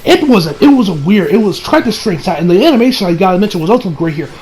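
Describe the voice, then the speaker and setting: Young man, high-pitched voice, casual anime review, rambling, swearing, loose unscripted talk. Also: lively intonation, very fast, a little mellow. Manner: rambling, lots of fillers and restarts, swears casually.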